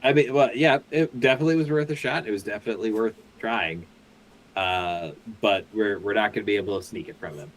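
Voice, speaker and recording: A man's voice: fairly low pitch, fairly quick, a little hiss or hum, rough recording. A man playing in a tabletop game, thinking aloud and correcting himself as he plans. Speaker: player. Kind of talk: casual chat at a tabletop game.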